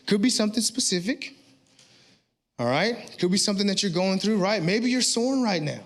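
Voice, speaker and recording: Animated high-voiced male preacher. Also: brisk. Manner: animated, rising to shouts at peaks, checking in with "all right?". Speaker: pastor. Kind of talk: sermon. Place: church sanctuary.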